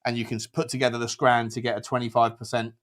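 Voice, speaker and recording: A man's voice: medium pitch, little pitch movement, fast talker. A man hosting a casual group chat, chatty and bantering with his guests. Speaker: podcast host.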